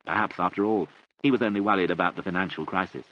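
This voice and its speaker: A man reading a novel aloud in a measured, expressive storytelling manner. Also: low-pitched. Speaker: audiobook narrator. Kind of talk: scripted narration. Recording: muffled recording with faint hiss.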